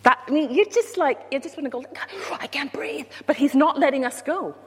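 A woman preaching a sermon, playful and self-deprecating, with animated emphasis. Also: high voice, quick pace. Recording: long hall reverb.

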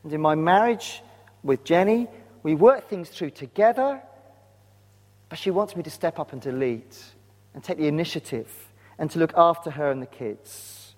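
Male preacher, slightly high voice, earnest, asks the flock pointed questions; long church-hall echo. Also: expressive, moderate pace, darkish tone. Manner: earnest, direct questions to the congregation. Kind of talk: sermon. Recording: long reverb of a large hall.

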